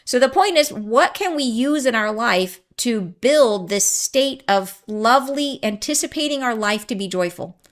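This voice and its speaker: Woman, podcast host; chatty and excitable, loose spiritual talk, prone to tangents. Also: on the high side, a little slow, hardly any pauses. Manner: chatty, rambling, goes off on tangents; laughs often, excitable. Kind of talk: casual spiritual talk to listeners.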